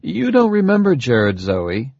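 A man voicing a gentle scientist father who explains things calmly and quickly. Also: mid-range voice, gravelly, no echo, dull audio, pitched above the performer's own voice, exaggerated voice. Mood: coaxing.

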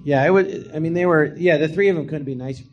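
A man, a comedian guest, telling stories in a live podcast and acting out the quotes in high, shouted voices. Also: quick pace, lo-fi sound, faint music behind. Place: podcast theatre before a live audience.

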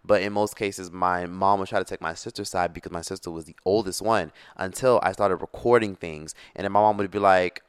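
A man's voice: sits low, a little fast, few pauses, clear, resonant tone, no room sound, studio quality. A man in his twenties telling a personal story in a casual vlog, blunt and full of swearing. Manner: blunt, profane, animated storytelling. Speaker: YouTuber.

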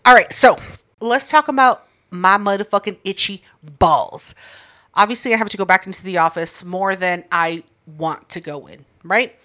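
A woman's voice: medium pitch, normal speed, fairly bright tone. A woman co-hosting a casual comedy podcast, joking along and telling profane stories of her own. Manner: profane, laughs often, jokes along. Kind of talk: casual storytelling chat.

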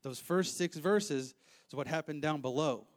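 A married man preaching a sermon, reading scripture verse by verse and commenting in an animated way that rises to emphatic outbursts. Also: fairly high pitch, unhurried. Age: adult, married with children. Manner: animated, rising to emphatic outbursts, acts out voices.

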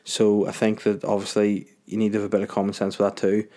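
A man's voice: on the low side, monotone, fast talker, mellow. A man with a Northern Irish accent hosting a podcast, talking in a casual solo monologue that rambles, rants and keeps interrupting itself. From Northern Ireland. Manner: rambling, ranting, self-interrupting. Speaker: podcast host.

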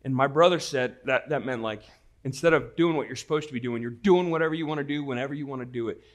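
An earnest male pastor delivering a sermon with a mid-range voice. He moves between hushed prayer and animated storytelling, stretching key words for weight. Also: mid-range voice, quick pace.

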